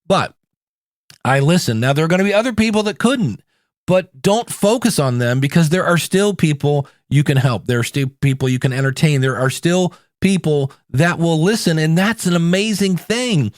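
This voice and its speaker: A middle-aged man from the United States hosting a solo podcast, talking in a chatty, conversational way with animated asides. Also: fairly high pitch, moderate pace, dry recording, studio quality. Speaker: podcast host.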